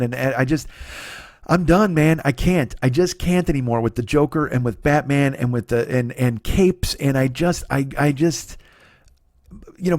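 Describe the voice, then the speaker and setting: Ranting man with a fairly high voice. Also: no room sound, studio quality. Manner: ranting, stammering restarts, sarcastic. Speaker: comedy podcast host. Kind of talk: profane comedic rant.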